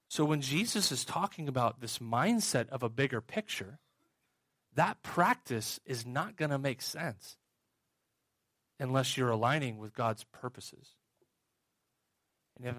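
Man, pastor, sermon, storytelling, questions to the congregation, mid pitch, dry sound. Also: a bit bright, no echo. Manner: storytelling, asks the audience questions.

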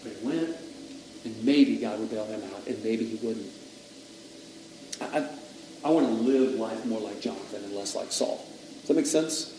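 A man's voice: fairly low pitch, moderate pace, pauses often, noisy background. A male pastor preaching a sermon, telling stories and quoting others with rising intensity. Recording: echoey hall, voice from a distance, faint ambience.

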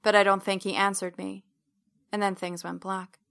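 A woman narrating first-person fiction with measured, even storytelling. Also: mid-range voice, vocal fry. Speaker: audiobook narrator.

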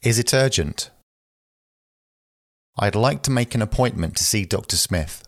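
A man reading short phrases aloud for language learners, slow and careful, one at a time. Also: on the low side, lively intonation, dry recording, clean studio sound. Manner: slow, careful, evenly paced phrase delivery. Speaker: phrasebook reader.

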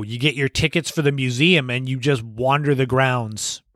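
A man's voice: medium pitch, fairly bright tone, no echo, studio quality. A man hosting a podcast, telling casual anecdotes and laughing as he goes. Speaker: podcast host. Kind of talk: casual storytelling monologue.

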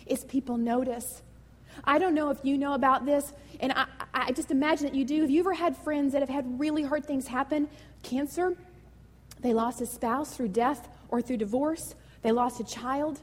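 A woman pastor preaching a sermon in a lively, conversational and emotional way. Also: high voice, moderate pace, in a large hall.

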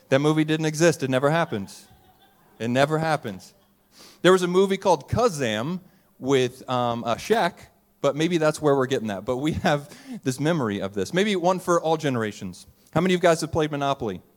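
A man, a pastor giving a casual, conversational Christmas sermon to a live church audience and joking with the crowd. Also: fairly high pitch.

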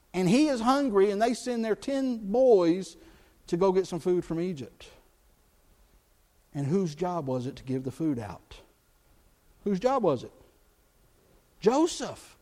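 A male pastor preaching a sermon, asking the congregation questions as he retells a Bible story. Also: high-pitched. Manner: animated, talks to the congregation with questions.

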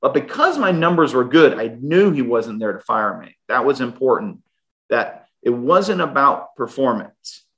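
A man's voice: medium pitch, big pitch swings, a little slow, fairly bright tone. A middle-aged man, a guest, animatedly telling a personal story and often restarting his sentences. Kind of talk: storytelling in an interview.

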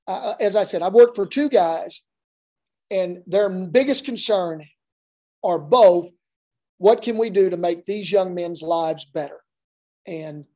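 Male basketball coach, warm mellow tone, folksy storyteller who rambles and restarts his sentences. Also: sits high. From Oklahoma. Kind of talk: casual interview storytelling.

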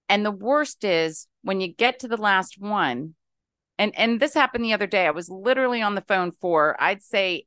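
A woman's voice: medium pitch, fairly bright tone, dry recording, clean studio sound. A middle-aged woman from West Virginia calling into a talk show, venting animatedly and with exasperation. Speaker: caller. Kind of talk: casual talk-show call-in.

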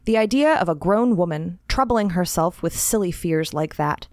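A woman's voice: lowish voice, expressive, normal speed, no echo, lightly acted. A woman voicing an anxious, fretful housewife who scolds herself, in a dry, close read story. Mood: uneasy.

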